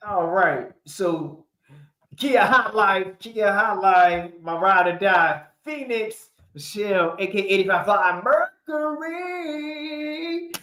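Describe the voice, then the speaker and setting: A playful man hosts a casual sports livestream, laughing and drawing out his words at an unhurried pace. His voice rings in a roomy, echoey space. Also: sits high, bright, forceful tone. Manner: playful, laughing, hyping up picks. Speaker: host. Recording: echoey room.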